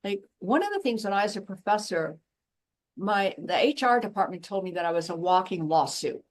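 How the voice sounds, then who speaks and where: A woman's voice: mid-range voice, fairly quick. Blunt, emphatic woman telling stories. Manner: blunt, emphatic, animated storytelling. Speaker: guest, former professor and intuitive. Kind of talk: passionate conversational interview.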